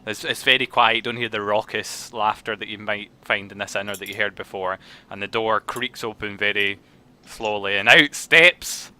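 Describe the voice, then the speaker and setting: A man narrating as game master of a tabletop game, halting and restarting his sentences. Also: fairly low pitch, bright, forceful tone, smooth.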